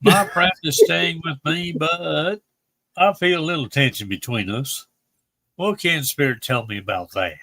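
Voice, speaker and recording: A man's voice: a little high, measured pace, creaky, bright, forceful tone. A man co-hosting a casual tarot chat, reading out viewer questions and making dry, laid-back jokes.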